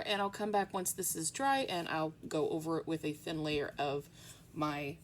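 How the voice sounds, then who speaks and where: A woman's voice: deep voice, normal speed, slight background noise. A woman chatting casually through a nail art tutorial at home, rambling with frequent ums.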